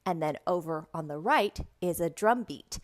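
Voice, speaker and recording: A woman who teaches English online, explaining how to present lesson slides and modeling words slowly and clearly for young learners. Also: lowish voice, expressive. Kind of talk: instructional talk with classroom demonstrations.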